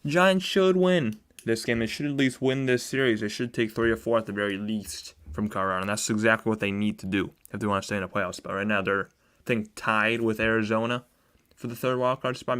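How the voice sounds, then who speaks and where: A man's voice: fairly low pitch, a bit bright. Casual young man hosting a sports stream. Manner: casual, chatty, talks to chat viewers. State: sore throat, a bit monotone. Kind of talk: live baseball commentary stream.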